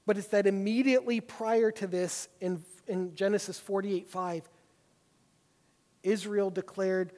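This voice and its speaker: A man's voice: sits high, fairly even intonation, unhurried. A man preaching a sermon, teaching through a Bible passage with emphatic stresses. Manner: emphatic, builds to forceful stresses. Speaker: pastor. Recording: long hall reverb.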